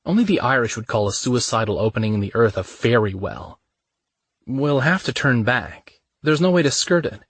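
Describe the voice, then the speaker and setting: A man's voice: mid-range voice, sing-song, normal speed, breathy edge, no echo. A man voicing a frightened, stubborn young woman in a romance audiobook, in a raised, tense and pleading voice. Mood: wary.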